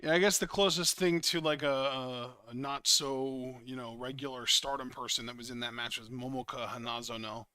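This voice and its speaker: A man's voice: medium pitch, fairly even intonation, normal speed, hardly any pauses, sharp tone, smooth, no echo. A man co-hosting a live wrestling watch-along, chatting casually and bluntly and swearing freely, on a home streaming mic. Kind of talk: live reaction chat.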